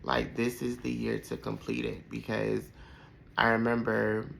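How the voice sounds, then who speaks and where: Gravelly man in his thirties reminiscing. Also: mid-range voice, completely flat delivery, unhurried, a bit bright, slight background noise, poor audio. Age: 30s. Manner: heartfelt, rambling with many fillers. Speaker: podcast host. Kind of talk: personal reflective storytelling.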